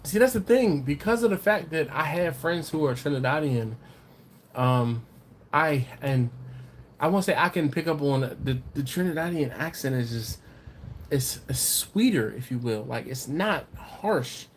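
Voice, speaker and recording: A man's voice: a little high, expressive, a little slow, slight background noise. A man hosting a casual live stream, reading viewer comments aloud in a rambling, chatty way, often laughing and repeating his words. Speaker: livestream host reading viewer chat.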